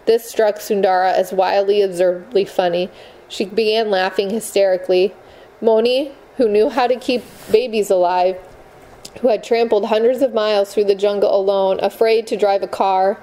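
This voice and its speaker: A woman narrates a novel aloud with measured, expressive pacing. Her voice is warm and mellow, sitting at a middling pitch. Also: low-quality recording. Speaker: audiobook narrator. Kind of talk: scripted narration.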